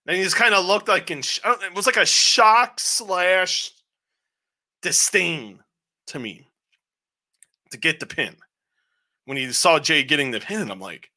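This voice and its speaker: A man with a very bright, ringing voice pitched a little high, chatting casually on a podcast. He rambles through a review with lots of animation and cursing. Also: unhurried, long pauses. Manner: rambling, animated recaps with frequent swearing. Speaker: podcast co-host. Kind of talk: casual show review chat.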